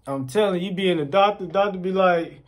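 A high-pitched man speaks a little fast as he rants casually to the camera. He acts out quotes in different voices and repeats himself through animated stories.

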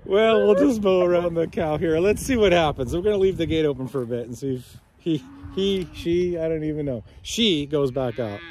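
A man's voice: on the high side, normal speed, hardly any pauses, a little mellow, a little hiss or hum. A man talking casually outdoors for his vlog, coaxing and giving directions. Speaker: vlogger. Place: outdoors on a rural property.

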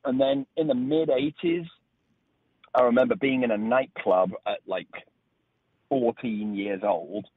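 A man's voice: medium pitch, measured pace, husky, no room sound. Northern English man on a phone line. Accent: northern English, Leeds. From England. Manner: relaxed storytelling with restarts. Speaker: guest. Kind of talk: casual radio interview.

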